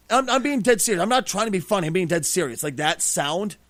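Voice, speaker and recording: A man's voice: high-pitched, moderate pace, no echo. A middle-aged man hosting a podcast, telling a profane story in a casual way and acting out what people said. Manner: profane, animated, acts out quotes. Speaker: podcast host.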